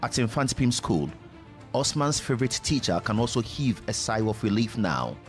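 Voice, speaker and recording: A man giving measured, formal scripted news narration as a reporter. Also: medium pitch, sing-song. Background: music.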